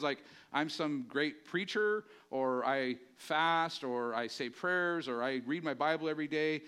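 A man preaching a sermon to his church, conversational and emphatic, often putting questions to the congregation and dropping lower when he acts out quotes. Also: a bit bright. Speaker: pastor.

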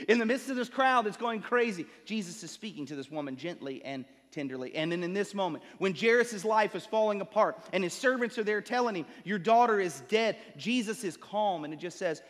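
A pastor preaching with a notably high, light voice. He swells with rising emphasis, then sinks into slow, quiet lines for weight. His words ring out with a long tail of reverb, as in a big sanctuary. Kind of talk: sermon. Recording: long reverb of a large hall.

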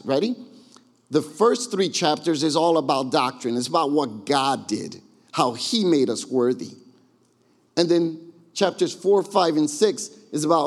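A man's voice: sits high, a little mellow. A man pastor preaching a sermon to his congregation with emphatic call-and-response. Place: church sanctuary. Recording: long reverb of a church hall.

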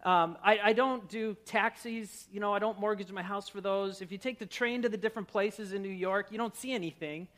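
Middle-aged male pastor from Minnesota, very high pitch, self-mocking, lively storyteller in the pulpit. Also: brisk, hardly any pauses. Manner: animated, self-mocking storyteller who laughs at himself. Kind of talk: sermon with personal storytelling.

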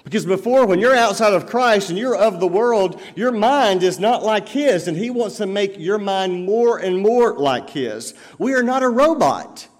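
A man's voice: high-pitched, expressive, normal speed, hardly any pauses. A man preaching a sermon as pastor, in a conversational way full of everyday examples. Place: church sanctuary. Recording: long reverb of a church hall.

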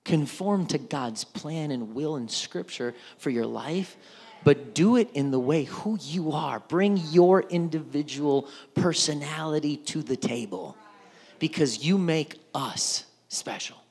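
A man's voice: a little high, animated, takes it slowly, darkish tone, husky. A male pastor preaching a casual, conversational sermon with jokes and acted-out voices. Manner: conversational, joking, acts out voices.

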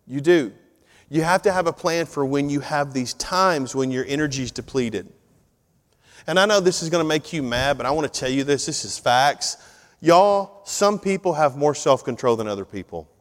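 A middle-aged man, preaching a sermon in a conversational, animated storytelling way. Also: on the high side, moderate pace. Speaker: pastor. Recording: long reverb of a large hall.

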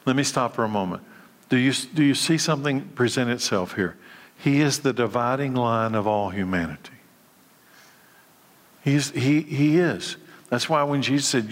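Man, Bible teacher, emphatic sermon, asks listeners questions, mid pitch, long hall reverb. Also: expressive, normal speed.

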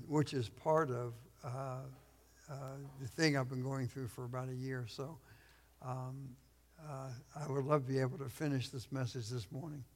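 A man from Texas preaching a sermon as a guest pastor, losing his voice, clearing his throat and pausing on fillers. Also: mid-range voice, fairly even intonation, big-room sound.

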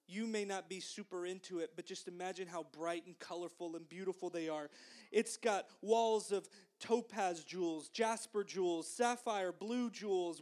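Slow, gentle woman telling a children's sermon. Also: medium pitch. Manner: gentle and encouraging, prompts children to repeat. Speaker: children's minister.

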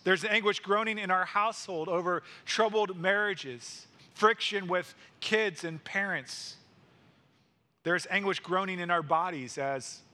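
A middle-aged male pastor delivers a sermon in a high, bright voice. He preaches earnestly, repeating phrases and slowing to drive points home. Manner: earnest, repetitive preaching cadence, slowing for emphasis.

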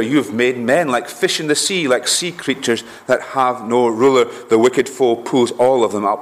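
Earnest man preaching in an echoey hall. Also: mid-range voice. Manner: earnest, rising emphasis on key phrases, frequent "uh" restarts. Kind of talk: sermon.

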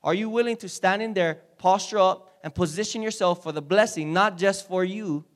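A man delivers a sermon in church. His voice sits high, and he preaches with energy, turning often to the congregation for a response. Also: normal speed. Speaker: speaker at a church service.

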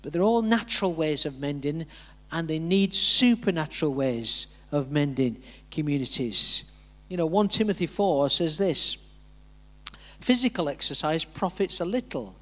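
A man preaching from the pulpit, slipping into a relaxed storytelling manner. His voice sits a little higher than most men's, and he acts out the voices he quotes with small chuckles. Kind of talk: sermon with personal story.

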